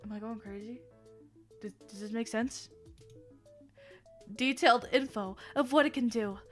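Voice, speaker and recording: Animated young woman streamer reading aloud. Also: fairly high pitch, unhurried, soft background music. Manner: animated, theatrical reading with frequent laughs and asides. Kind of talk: reading fan fiction aloud on a livestream.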